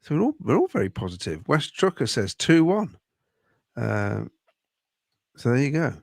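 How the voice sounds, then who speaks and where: A man's voice: mid-range voice, creaky, dry recording, clean studio sound. A man with a Coventry accent co-hosting a football fan podcast, reading out viewer comments with chatty asides. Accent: Coventry English. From Midlands, England. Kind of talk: casual fan podcast chat.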